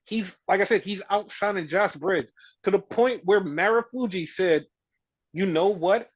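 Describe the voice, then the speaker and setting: Guy ranting on a podcast, cussing a lot, kinda high voice, dry muffled mic. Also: moderate pace, dry recording. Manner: heated, profane, mimics fans in quotes. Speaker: podcast co-host. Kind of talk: casual opinion rant.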